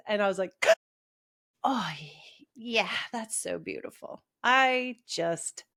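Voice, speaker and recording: A woman's voice: medium pitch, dry recording, clean studio sound. A woman co-hosting a podcast, telling stories in casual chat, laughing often and swearing freely. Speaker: podcast co-host.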